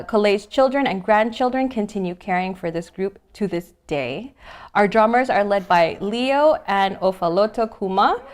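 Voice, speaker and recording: A woman co-hosting a live stream, reading out group introductions with playful asides. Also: medium pitch. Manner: laughs easily, playful asides. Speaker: livestream co-host.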